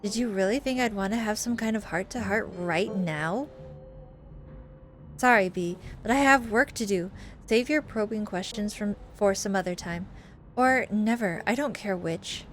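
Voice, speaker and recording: A woman's voice: medium pitch, a little slow, faint music behind, close to an everyday voice. A woman voicing a stern, threatening young woman in a game, speaking curtly and coldly. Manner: curt, cold and menacing.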